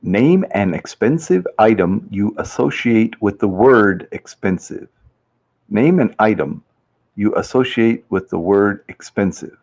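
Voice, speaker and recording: A man's voice: on the low side, expressive, unhurried, a little mellow. A man hosting a casual live-stream survey game, chatty and reading viewers' answers aloud with easy laughs. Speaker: livestream host running a survey game.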